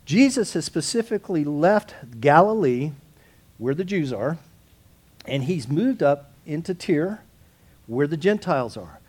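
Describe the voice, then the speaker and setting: A man's voice: fairly high pitch, sing-song, measured pace, darkish tone. A man teaching a Bible study, talking through the text conversationally, with restarts and asides and rising to emphatic peaks. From United States.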